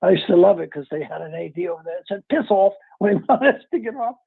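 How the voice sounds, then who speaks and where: An older man from New York City tells rambling stories in a casual interview, chuckling and losing names as he goes. His voice is gravelly and a little husky and sits fairly high. It comes through a thin, phone-like line. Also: animated, quick pace. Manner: rambling, chuckling, loses names mid-story. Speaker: actor being interviewed. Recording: tinny phone-like call audio.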